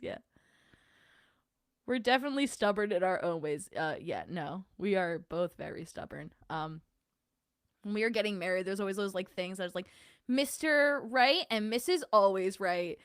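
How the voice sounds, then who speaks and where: A woman's voice: mid-range voice, fairly bright tone, no echo, clean studio sound. A young adult woman hosting a casual livestream, chatting and answering her chat in a self-deprecating way. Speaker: livestream host.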